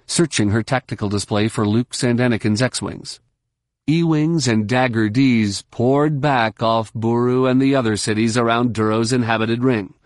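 A man narrating an audiobook in a brisk, steady storytelling manner. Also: fairly low pitch, dry recording, clean studio sound. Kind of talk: scripted narration.

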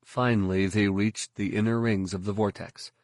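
A man reading scripted audiobook narration in a steady, even storytelling manner. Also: on the low side, normal speed, no room sound, clean studio sound.

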